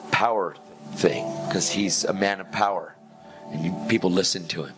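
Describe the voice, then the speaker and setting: A man tells his faith testimony in a loose, easygoing way, dropping "like" and "dude" all through. His voice sits a little low for a man. Music plays clearly beneath him. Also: steady tone, moderate pace. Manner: laid-back slangy talk with "like", "man" and "dude". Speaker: preacher giving a testimony. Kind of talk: casual testimony storytelling.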